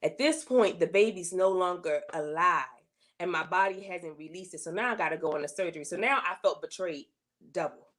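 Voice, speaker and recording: A woman guest telling a personal faith testimony in an interview, earnest and emotional, repeating herself and rising in pitch when she voices her complaints to God. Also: a little fast, a bit bright. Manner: earnest, emotional storytelling with repetition.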